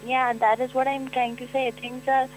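A woman from Delhi phones in to a radio show. Her voice sits fairly high. She rambles earnestly over a faint hum. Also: level tone, normal speed, rough recording. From Delhi, India. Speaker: caller. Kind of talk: phone-in chat.

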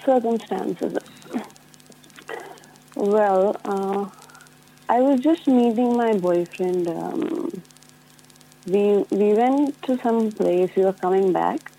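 A woman calls in to a radio show after just waking up. Her voice is slow, mellow and drowsy, and she halts over her words. She comes through on a phone line. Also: mid-range voice, vocal fry, a little hiss or hum. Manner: drowsy, halting and soft-spoken, laughing shyly. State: just woken up. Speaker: caller.

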